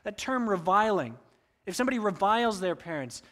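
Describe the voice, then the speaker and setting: A man preaching a sermon as pastor, with expressive delivery that acts out quoted voices. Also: sits high, a little fast. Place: church sanctuary.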